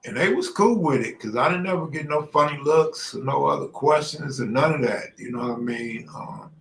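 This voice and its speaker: Middle-aged man from Los Angeles, bright forceful voice, casual storyteller who acts out the people he quotes, roomy echo. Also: fairly high pitch, expressive, moderate pace, gravelly, slight background noise. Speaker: storyteller host.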